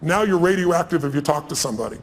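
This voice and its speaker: A man telling stories to a live audience at a rapid clip, with a slightly high voice. He leans hard into each point and acts out the quotes. The sound carries a long hall reverb and faint room ambience. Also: animated, a little hiss or hum. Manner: fast, emphatic storyteller, acting out quotes. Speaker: speaker on stage. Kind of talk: stage conversation, storytelling. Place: large event hall with audience.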